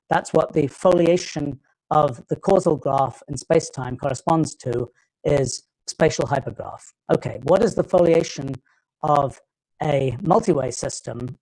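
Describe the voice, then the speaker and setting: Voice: mid-range voice, a little mellow, rough recording. A lecturer with a British accent giving a live technical talk, often stopping and restarting phrases while thinking aloud.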